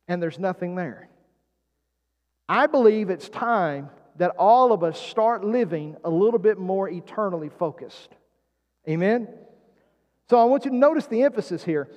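High-voiced preaching man in a reverberant hall. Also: darkish tone. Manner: preaching with call-and-response prompts. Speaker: pastor. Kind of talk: sermon.

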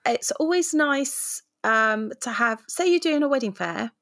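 A woman's voice: fairly high pitch, lively intonation, a little slow, creaky, fairly bright tone, no echo. A woman co-hosting a podcast in casual chat, playful and laughing often. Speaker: podcast co-host.

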